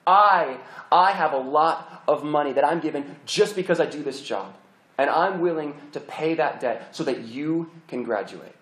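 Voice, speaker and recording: A man voicing a stern, hushed woman university president. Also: on the high side, lively intonation, normal speed. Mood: generous. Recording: roomy hall echo.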